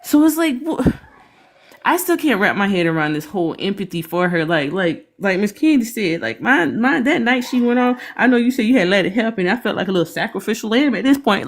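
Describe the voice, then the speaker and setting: A woman co-hosting a reaction stream, talking in an animated, emphatic way and laughing often. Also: mid-range voice, brisk. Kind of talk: casual commentary chat.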